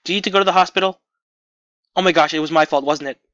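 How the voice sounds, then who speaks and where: A man voicing a worried teenage girl athlete who apologizes in a rapid outpouring while reading a visual novel aloud. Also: fairly high pitch, steady tone, fairly bright tone, dry recording, dull audio, close to an everyday voice. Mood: panicked.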